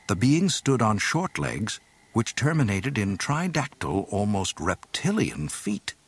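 A man reading a story aloud in an expressive, dramatic narration. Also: medium pitch, breathy edge, no room sound. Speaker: audiobook reader.

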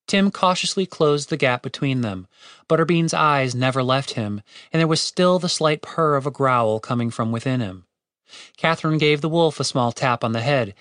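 A man reads a fantasy audiobook in an expressive storytelling manner. His pitch is mid-range but moves in lively, animated lines. The recording is close and dry with no room sound. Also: normal speed, no echo. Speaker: audiobook narrator. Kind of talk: scripted narration.

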